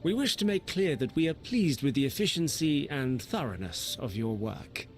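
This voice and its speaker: An actor playing a composed male official in a video game, speaking in a formal, measured way. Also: fairly high pitch, expressive, soft background music.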